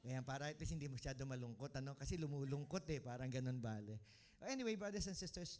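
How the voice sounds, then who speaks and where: A man preaching a sermon. He mixes Tagalog and English while telling a story and grows fervent in prayer. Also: medium pitch. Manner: grows fervent and louder when praying.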